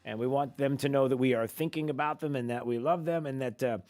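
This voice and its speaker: A man hosting a talk radio show, talking in a sarcastic, animated way. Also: mid-range voice, fast, soft background music.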